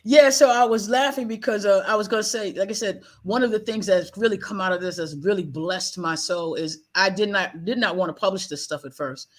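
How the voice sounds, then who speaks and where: A woman guest on a live talk show, telling a personal story in an animated way and laughing often. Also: mid-range voice, a little fast, hardly any pauses. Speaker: guest author.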